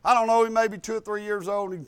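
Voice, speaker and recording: An older man, a pastor telling family stories in a sermon and swinging from soft asides to bold, loud preaching. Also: sits high, level tone, fast talker, clean tone. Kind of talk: storytelling sermon.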